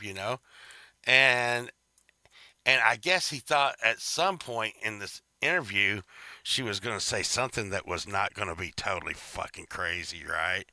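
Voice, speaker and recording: A man's voice: fairly low pitch, normal speed, sharp tone, no room sound, clean studio sound. A man hosting a podcast, telling a story in a rambling, profane, casual way with laughing asides. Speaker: podcast host.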